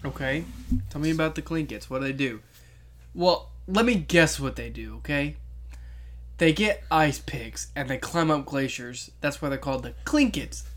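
Young adult, casual chat, bright voice, jokey and teasing. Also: medium pitch, lively intonation, moderate pace. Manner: teasing, jokey, interrupts with silly guesses.

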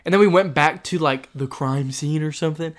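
A young man telling a story in casual chat, rambling and halting with many fillers and restarts. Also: fairly high pitch.

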